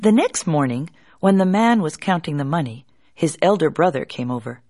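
A woman telling a folk tale in an expressive, drawn-out way, hushing at tense moments. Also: low voice. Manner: expressive, drawn-out, hushed at suspense. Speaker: storyteller.

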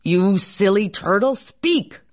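A woman's voice: expressive, takes it slowly. A woman voicing a greedy, bossy elder brother who demands and barks orders. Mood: shouting angrily. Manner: demanding, barking, shrill.

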